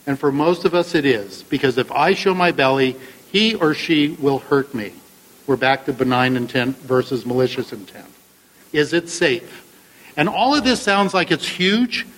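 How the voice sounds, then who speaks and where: A man's voice: medium pitch, animated, normal speed, fairly bright tone, low-quality recording. A man giving a conversational talk on relationships to an audience, asking rhetorical questions and acting out what partners say. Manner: conversational, rhetorical questions, acts out couples' lines. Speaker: therapist speaking to an audience. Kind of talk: lecture with acted-out examples.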